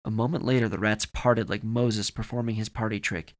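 A man's voice: on the low side, steady tone, fairly quick. A man narrating a horror story for a podcast with dramatic, varied delivery.

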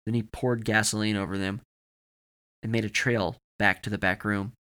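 Low-voiced man reading horror. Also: steady tone, normal speed, pushed and bright, smooth. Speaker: podcast narrator.

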